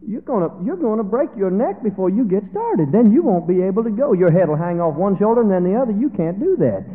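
A man voicing an aging, devoted mother who pleads in a high, tearful voice. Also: big pitch swings, fast. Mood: fretting. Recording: tinny, phone-like echoey hall.

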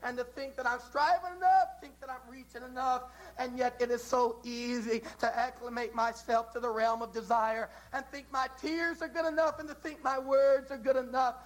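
Male preacher, high tenor voice, fervent and repetitive delivery, sermon style. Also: steady tone, normal speed, hardly any pauses, low-quality recording. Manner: impassioned, repetitive, with dramatic rises.

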